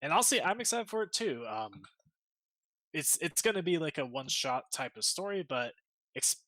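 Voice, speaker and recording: A man co-hosting a gaming livestream and running games as game master, chatting in a halting, playful way with many repeated words. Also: on the high side, big pitch swings, sharp tone, dry recording. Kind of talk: casual livestream chat.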